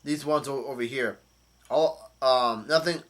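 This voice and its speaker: A man's voice: medium pitch, unhurried, natural voice. A man reading the lines of a gloating female witch villain from a comic, in a near-plain voice with slips and restarts. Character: mirror-powered female witch villain, cackling.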